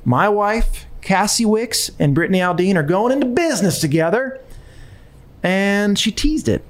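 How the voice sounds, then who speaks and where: A man's voice: high-pitched, lively intonation, moderate pace. A man hosting a podcast, chatting casually and rambling with restarts. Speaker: podcast host. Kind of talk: casual chat.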